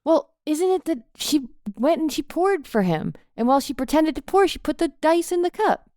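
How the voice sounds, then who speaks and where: A woman playing a tabletop game, talking in a chatty, expressive way. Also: high-pitched, moderate pace, no echo, clean studio sound. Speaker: player.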